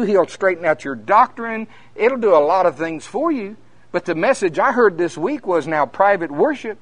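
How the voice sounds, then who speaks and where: A minister preaching at a conference, telling folksy stories that climb to emphatic peaks. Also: male voice, high-pitched, animated, moderate pace, dry recording. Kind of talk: conference sermon.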